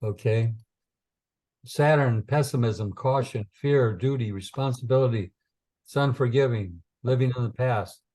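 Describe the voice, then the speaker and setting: A man's voice: mid-range voice, a little slow, a little mellow. A man teaching astrology in an informal talk, rambling with many fillers and repeated phrases, sometimes taking on a preaching tone. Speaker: astrologer teaching chart interpretation.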